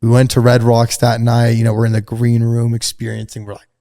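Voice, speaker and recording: Chill dude telling a story, avg pitch, slangy, does the voices of people he quotes. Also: a little fast. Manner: animated, acts out quoted dialogue in a raised voice; laid-back slangy talk. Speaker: podcast guest, fashion brand founder. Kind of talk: casual storytelling. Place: host's glass studio.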